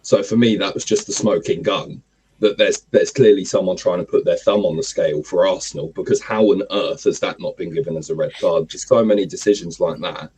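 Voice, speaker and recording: A man in his twenties with a raspy morning smoker's voice, arguing animatedly in a casual livestream chat. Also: low voice, a little fast, slight background noise, low-quality recording. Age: 20s. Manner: animated, argues with repeated phrases.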